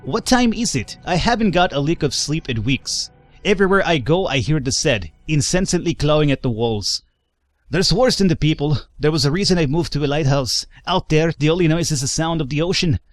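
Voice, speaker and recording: A weary, complaining loner with a strange, unplaceable put-on accent, as a man does the voice for a game figure. He sounds higher than the performer's usual talk and grumbles like someone who hasn't slept in weeks. Faint music plays behind him. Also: expressive, a little fast, no echo, natural voice. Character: sleepless, irritable man who hates noise.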